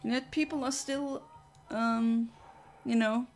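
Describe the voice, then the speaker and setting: A woman's voice: on the high side, fairly even intonation, slow pace, over loud music. A woman chatting casually with her viewers during a game livestream, rambling and answering chat. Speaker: streamer.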